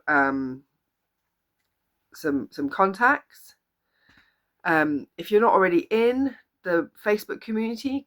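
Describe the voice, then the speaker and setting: Woman life coach, motivational talk to camera, earnest and encouraging, medium pitch, repeats lines for emphasis. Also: a bit bright. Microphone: camera or phone video.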